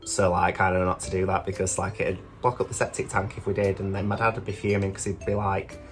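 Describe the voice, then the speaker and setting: A man's voice: low-pitched, monotone, quick pace, soft background music. A young British man, a drag queen vlogger, telling stories casually, swearing freely and filling with lots of "like". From United Kingdom. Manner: chatty, swears freely, many fillers. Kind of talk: casual storytelling.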